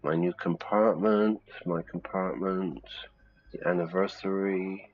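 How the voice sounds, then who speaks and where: A male English teacher on a live stream, explaining words in a lively way and thinking out loud as he plays a game. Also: low-pitched, slow pace, slight background noise. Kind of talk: live-stream lesson while playing a game. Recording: slightly dull, faint music.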